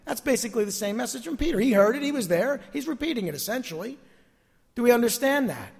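A man's voice: very high voice, expressive, fast talker, gravelly, a little mellow, breathy edge, big-room sound. A man preaching a sermon as pastor, his voice tired, repeating key phrases with emphasis.

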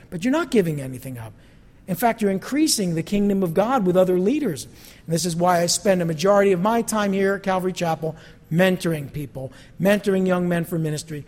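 A male pastor preaching a sermon, animated, with mocking quoted asides. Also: sits high, big-room sound. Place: church sanctuary.

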